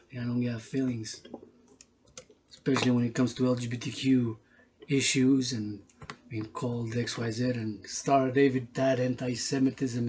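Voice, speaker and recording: A man's voice: medium pitch, a little mellow. A man giving a rambling, emotional vlog monologue, repeating himself, swearing freely and talking in casual street slang. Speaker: workout video host.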